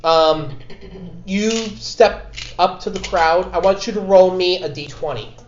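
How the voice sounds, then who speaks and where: A man's voice: high-pitched, a little hiss or hum. Man running a tabletop game, echoey room. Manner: halting, restarts often while describing. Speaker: game master. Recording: echoey muffled room recording.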